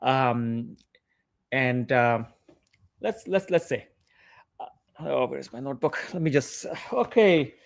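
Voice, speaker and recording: A man's voice: medium pitch, animated, gravelly. A man coaching on interview preparation during a livestream, explaining patiently and spelling out acronyms letter by letter. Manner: patient, methodical explaining with frequent pauses and fillers.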